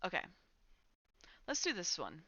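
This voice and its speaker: A woman's voice: on the low side, wildly swooping pitch, measured pace, sharp tone, no echo, highs cut off. A woman streaming live in a casual, chatty way at home, laughing often and talking to her cat. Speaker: Twitch streamer. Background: faint music from a playlist.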